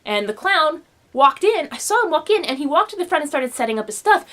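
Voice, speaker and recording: A young woman telling a personal story in a home vlog, animated and expressive, acting out the quotes. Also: high voice, fast. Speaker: vlogger. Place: home room.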